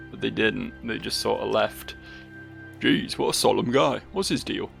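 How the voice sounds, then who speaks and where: A man's voice: on the low side, gravelly, a bit bright. A man giving casual, rambling, self-mocking commentary as host of a let's play video.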